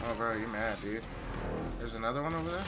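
A man giving live commentary while playing a shooter game, excitable and taunting the opponents as he plays. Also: mid-range voice, quick pace, over loud music. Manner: trash-talking, excitable, talks to opponents. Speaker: gamer. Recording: loud game gunfire behind voice. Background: game gunfire and effects.

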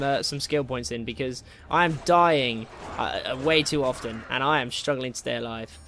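A man giving casual, excitable commentary while playing a game, swearing and taunting enemies. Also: a little high, a little hiss or hum. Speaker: gameplay commentator.

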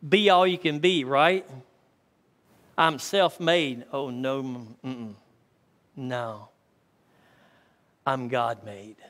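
A pastor with a voice on the high side and a bit bright delivers a folksy, story-driven sermon. He calls out to the congregation, and the church hall adds a long reverb.

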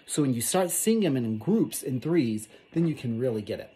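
A woman teacher giving a lesson on rhythms, chanting and singing the patterns in drawn-out repetitions. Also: rumbling low, lively intonation, mellow, reverberant. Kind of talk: sing-song classroom lesson.

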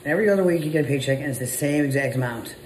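Blunt, profane business owner in echoey room. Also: male voice, on the high side, rapid-fire, background noise. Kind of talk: casual motivational monologue.

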